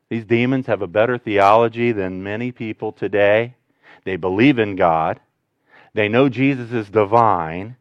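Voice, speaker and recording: A man preaches a sermon in a smooth, resonant voice, recorded close and dry. He talks conversationally, then swings up loud and animated before dropping to a hushed, low register. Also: moderate pace, no room sound, lo-fi sound. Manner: conversational, animated preaching with sudden loud rises and quiet drops. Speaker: pastor.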